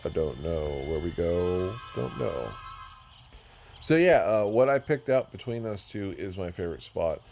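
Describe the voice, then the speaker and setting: A deep-voiced man chatting loosely as he tours a game, wandering off topic and poking fun at himself. His tone is casual and unpolished, with a faint hiss under the voice. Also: very animated, measured pace, vocal fry, a little mellow. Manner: rambling, self-mocking, easily sidetracked. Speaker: gamer touring a build.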